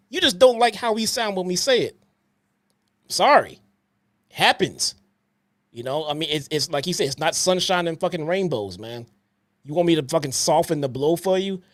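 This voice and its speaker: Man, fairly high voice, dry sound, blunt profane rant, podcast co-host. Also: no echo.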